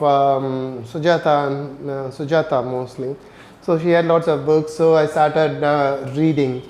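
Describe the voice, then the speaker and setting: Middle-aged male host, casual halting storyteller, slightly high pitch, roomy echo. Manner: hesitant, many ums and uhs, tags "right?". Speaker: host of a neurorehabilitation channel. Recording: echoey room.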